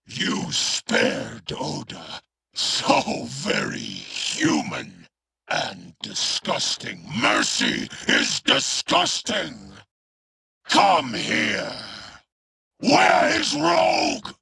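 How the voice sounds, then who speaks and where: Playing a massive, vicious male cyborg enforcer for a video game, the actor uses a high-pitched, sharp voice that is still harsh, gravelly, and mechanical. His heavily acted threats come out barked, scornful, and menacing.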